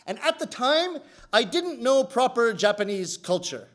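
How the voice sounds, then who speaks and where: A man performing comic storytelling live, animated and theatrical as he speaks to the audience. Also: extremely high pitch, a little slow. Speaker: rakugo storyteller.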